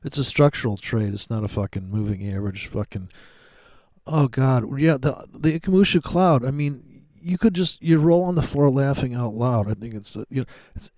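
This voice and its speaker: A man's voice: medium pitch, normal speed, warm tone, dry recording, clean studio sound. A man giving rambling, sarcastic, profane commentary while trading live. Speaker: day trader streaming live.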